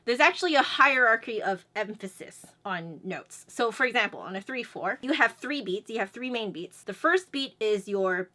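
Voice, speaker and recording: Bright, chatty woman music teacher. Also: on the high side, normal speed, few pauses. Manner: explains then sings syllables to demonstrate beats; chatty and energetic. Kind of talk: instructional video lesson.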